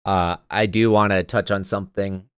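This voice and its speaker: A man's voice: low-pitched, steady tone, moderate pace, clean tone, no room sound. A man co-hosting a podcast, giving his opinion in a thoughtful, hedging way with frequent restarts. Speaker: podcast co-host. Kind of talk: casual chat.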